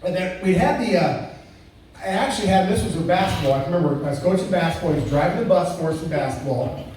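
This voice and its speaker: A high-pitched man tells stories at a retirement party, tripping over his words and chuckling as he goes. He is picked up from far across an indoor venue on a phone camera. The sound is very echoey with a faint murmur of room noise. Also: fast talker, darkish tone. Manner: rambling, stumbling restarts, chuckling through stories. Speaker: coworker giving a retirement roast speech. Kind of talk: casual storytelling speech. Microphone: phone camera far from the speaker.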